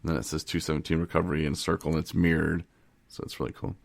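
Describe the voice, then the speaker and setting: A low-voiced man with a gravelly edge tells stories in a loose, joking way, acting out the people he met. He teases and laughs freely, and the sound is dry and close, without room echo. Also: little pitch movement, racing. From Michigan, USA. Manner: teasing, acts out little scenes, laughs often. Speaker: podcast co-host. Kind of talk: joking casual chat.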